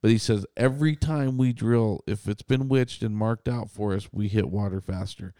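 A man's voice: lowish voice, normal speed, warm tone, smooth, dry recording, studio quality. A man in his thirties, a podcast co-host and contractor, telling a story in casual chat, quoting others and swearing freely.

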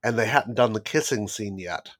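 Lower-voiced man, amused guest. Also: moderate pace, fairly bright tone, no room sound, clean studio sound. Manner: amused, laughs while telling trivia. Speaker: podcast guest. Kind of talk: casual chat.

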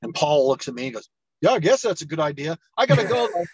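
A middle-aged man, an entrepreneur guest on an interview show, telling his story with lively acted-out dialogue. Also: a little high, quick pace, husky, dry recording, low-quality recording. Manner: animated storyteller, acts out quoted dialogue.

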